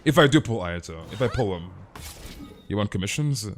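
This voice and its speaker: A man's voice: on the low side, expressive. Emphatic, ranting male game streamer. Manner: emphatic, ranting, peppered with "dude" and mild swearing; stammers with quick repeated restarts. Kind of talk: casual live-stream chat while gaming.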